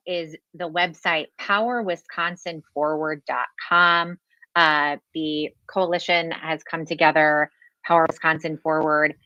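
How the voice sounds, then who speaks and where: Woman interview guest, low bright voice, halting earnest delivery, dull dry line. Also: smooth, no echo. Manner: earnest, hesitant, many ums and uhs. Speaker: guest from an advocacy coalition. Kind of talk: radio interview.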